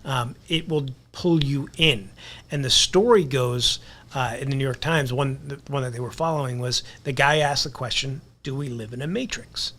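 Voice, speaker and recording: A man's voice: mid-range voice, normal speed, sharp tone. A man guesting on a podcast, talking earnestly in a casual conversation and repeating words as he builds a point.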